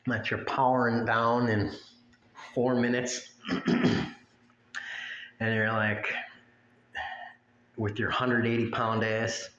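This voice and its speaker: Crude, mocking male ranter, unhurried delivery, faint room hum behind. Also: mid-range voice, little pitch movement, a bit bright, lo-fi sound. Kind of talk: profane rant to camera. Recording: echoey room with faint ambience.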